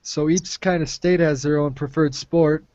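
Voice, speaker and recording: A friendly man leads a relaxed group chat over a video call. His voice sits a little high and is easygoing, full of fillers and restarts. The audio is dull and close, with no room sound. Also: normal speed, no room sound. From Minnesota. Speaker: host of a language exchange call. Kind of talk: casual group conversation. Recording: muffled online call audio.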